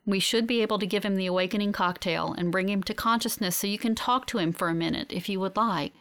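A woman voicing a steady woman scientist who explains things in a measured way. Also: medium pitch, close to an everyday voice. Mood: calm.

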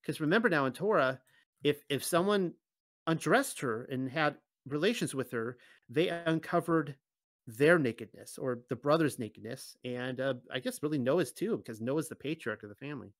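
A man's voice: on the high side, lively intonation, normal speed, fairly bright tone, no echo. Man reading scripture with chatty asides. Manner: conversational asides between readings. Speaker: Bible teacher. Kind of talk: reading scripture aloud with commentary.

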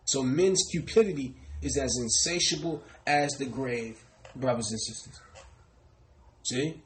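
A man's voice: medium pitch, a little slow, slight background noise, low-quality recording. A man preaching a sermon, repeatedly addressing his listeners as brothers and sisters and calling on a reader to repeat verses.

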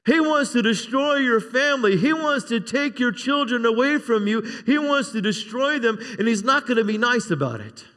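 Guy pastor preaching, high bright voice, lots of amens, big echoey church hall. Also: lively intonation, normal speed, few pauses. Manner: conversational preaching with frequent call-and-response amens. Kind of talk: sermon. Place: church sanctuary. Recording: long reverb of a church hall.

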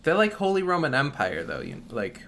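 Bright-voiced man co-host. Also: fairly high pitch, huge pitch swings, a little fast, slight background noise. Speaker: podcast co-host. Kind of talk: casual chat among friends.

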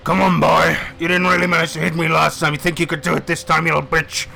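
Brief: fat male cyborg boss, voiced by a man in a tabletop game; mocking and crude, raised pitch with a gravelly edge. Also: little pitch movement, fast, pushed and bright, full character voice. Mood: taunting. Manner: taunting, gloating, crude. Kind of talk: tabletop role-play character voice.

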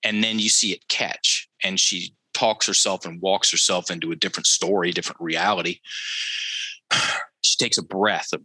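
A man's voice: low-pitched, steady tone, normal speed, pushed and bright, husky, no room sound, poor audio. A man telling a story as a podcast guest, emphatic and teacherly, repeating key phrases for effect and speaking straight to the listeners. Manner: addresses listeners directly, teacherly. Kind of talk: conversational storytelling.

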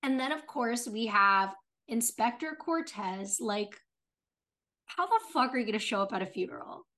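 A woman's voice: fairly high pitch, expressive, moderate pace, pushed and bright. Blunt woman recapping a TV episode. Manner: blunt, swears freely while recapping. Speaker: podcast co-host. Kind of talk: casual TV recap chat.

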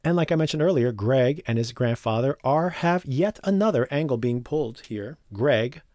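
Animated man recapping a TV episode. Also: medium pitch, moderate pace, no echo. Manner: animated and conversational, acts out characters' lines in quotes. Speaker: podcast host. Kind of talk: solo TV recap podcast.

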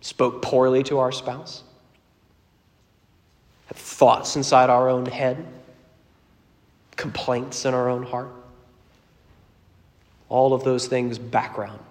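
A man preaching a sermon as a pastor, earnest and storytelling, moving between loud emphasis and quiet asides. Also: mid-range voice, level tone, slow pace, pauses often, long reverb tail.

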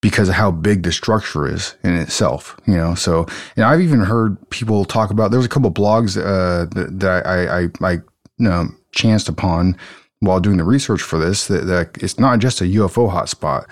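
Deep-voiced man, halting podcast chatter. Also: dry recording, clean studio sound. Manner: halting, many restarts and fillers. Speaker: podcast co-host. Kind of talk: casual podcast chat.

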